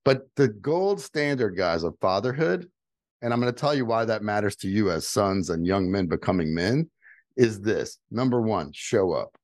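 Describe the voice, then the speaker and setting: In clean, dry studio sound, a middle-aged guest tells a personal, motivational story with a lowish, darkish, expressive voice at a moderate pace. Candid and earnest, he repeats phrases to stress them and builds to rising, emphatic advice.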